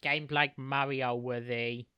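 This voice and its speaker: Man, podcast co-host, smooth crisp voice, joking, halting restarts, dry sound. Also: medium pitch, flat delivery, no room sound, lo-fi sound. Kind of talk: casual chat.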